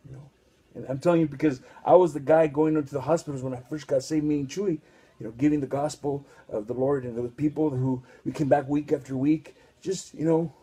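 A man's voice: on the high side, fairly even intonation, fairly quick, mellow, slightly rough. A man preaching a casual, rambling sermon full of restarts and street slang.

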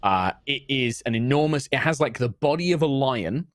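A man's voice: medium pitch, animated, moderate pace, dry recording. A man narrating a tabletop game as game master, casual and vivid, with lots of fillers.

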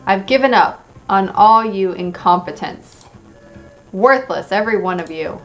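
A sneering young man from a game, turned cruel and contemptuous, put on by a woman reading the lines, cackling at everyone around him. The voice comes through dull and lo-fi. Soft game music sits underneath. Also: mid-range voice, animated, measured pace. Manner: mocking, cackling.

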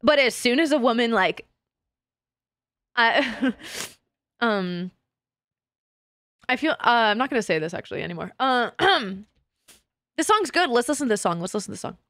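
A woman's voice: on the high side, big pitch swings, moderate pace, long pauses, a bit bright, no echo. A woman streaming as a VTuber in casual chat, swearing freely and breaking into laughter often. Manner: profane and giggly, swears often and laughs a lot.

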